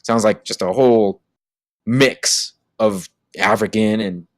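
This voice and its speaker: A man's voice: on the low side, slow pace, dry recording. A man co-hosting a casual podcast, rambling along with lots of fillers and restarts. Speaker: podcast co-host. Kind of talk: casual chat.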